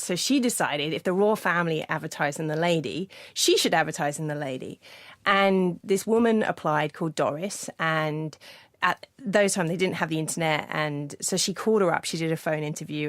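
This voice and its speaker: Female author guest, low register, dry studio mic, earnest and anecdotal. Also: fairly bright tone, dry recording. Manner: earnest storytelling, quick restarts. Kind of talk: studio interview conversation. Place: podcast studio.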